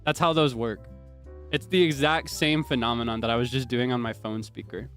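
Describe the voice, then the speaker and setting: A man's voice: medium pitch, fairly even intonation, normal speed, a bit bright, faint music behind. A young man streaming, chatting casually and explaining things in a rambling way with lots of restarts.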